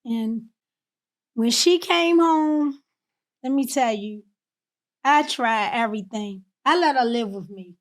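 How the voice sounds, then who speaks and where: This is a woman from Baltimore, a guest on a podcast, recounting her own past in plain, candid words. Her voice sits a little high, and she turns quiet and tender when the memories hurt. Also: slow, long pauses. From Baltimore, USA. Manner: candid, emotional, drifts soft on painful parts. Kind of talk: personal storytelling.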